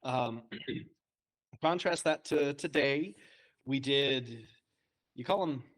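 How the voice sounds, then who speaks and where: A man's voice: mid-range voice, extremely slow, fairly bright tone. A young man chatting casually on a podcast, telling self-deprecating stories and laughing often. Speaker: co-host, trainee.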